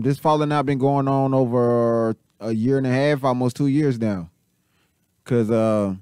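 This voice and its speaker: A man's voice: medium pitch, a little mellow, clear, resonant tone, dry recording, studio quality. A man hosting a commentary show, casually thinking aloud about clips he replays.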